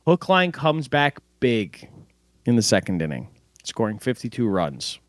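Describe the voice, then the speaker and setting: A man co-hosting a casual sports recap over an online call, walking through the plays in a relaxed way. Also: mid-range voice, unhurried, dry recording. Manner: relaxed, play-by-play recounting with fillers. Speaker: podcast co-host.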